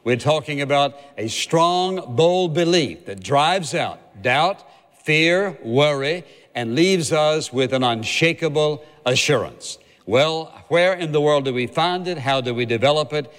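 Earnest male preacher, slightly high voice, emphatic and repetitive, echoing hall. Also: measured pace, a bit bright. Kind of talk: sermon.

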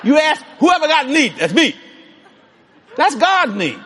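Male preacher: very high, husky voice, lively delivery, sermon. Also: unhurried. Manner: animated, shouting asides, laughing.

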